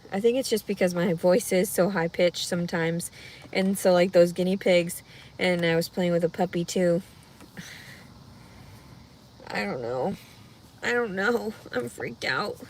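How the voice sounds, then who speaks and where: A heavily pregnant woman chatting casually with viewers on a livestream, rambling and anxious, her voice jumping into loud high cries when she gets upset. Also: measured pace, pauses often. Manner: rambling, talks through her worries out loud. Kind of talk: casual live chat.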